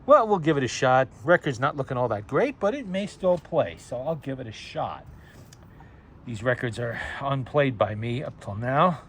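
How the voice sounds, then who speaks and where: A man's voice: medium pitch, sing-song, moderate pace, a little hiss or hum. A man collector casually chatting through a phonograph demonstration, chuckling as he goes. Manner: chatty, chuckles at his own remarks.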